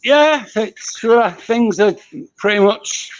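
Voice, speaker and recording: High-voiced man teasing on a call. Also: slow pace. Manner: blunt, teasing, talks in banter. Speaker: guest calling in. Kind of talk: casual chat on a video call. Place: outdoor garden in a hot climate.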